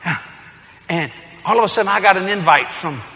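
A man, preaching and telling a story with lively shouts and laughter. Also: high voice, brisk, gravelly, slight background noise. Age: older. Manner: animated, shouting punchlines, laughing. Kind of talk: sermon storytelling. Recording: echoey hall with crowd.

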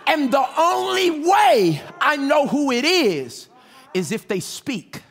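A pastor with children preaching a sermon fervently, swinging between shouting and hushed tones and calling on the congregation to respond. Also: male voice, extremely high pitch, very animated, slow pace, gravelly, a little hiss or hum. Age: adult with children.

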